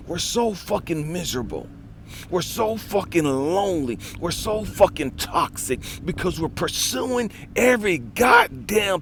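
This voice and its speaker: A man's voice: a little high, a bit bright. A man coaching and ranting outdoors in the wind, telling a story in a blunt, profane, preachy way. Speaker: life coach. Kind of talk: motivational rant.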